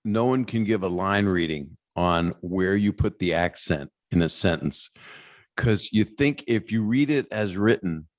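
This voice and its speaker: A man's voice: sits low, measured pace, no room sound, studio quality. A man hosting an interview, asking searching questions with stammers and restarts. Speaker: host. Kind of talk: casual interview chat.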